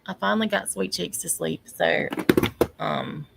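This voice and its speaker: A woman ranting in casual livestream commentary, exasperated and pausing often with ums. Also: on the low side, gravelly, very noisy. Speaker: online commentator.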